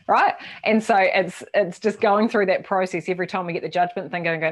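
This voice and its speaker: A woman giving a casual, lively workshop talk to a team, swearing now and then and acting out quoted voices. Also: fairly low pitch, a little fast, few pauses. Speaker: workshop presenter.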